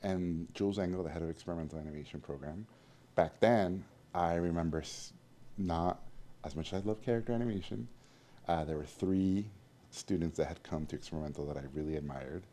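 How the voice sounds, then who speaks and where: Low mellow guy telling stories in an interview, really animated, acts out the voices. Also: brisk. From Mexico. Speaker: guest animator. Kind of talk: storytelling interview.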